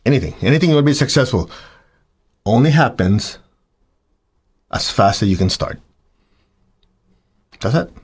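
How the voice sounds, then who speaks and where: A man giving a spiritual talk to his students, animated and acting out the voices of students and of himself. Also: medium pitch, normal speed, pauses often, husky. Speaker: spiritual teacher.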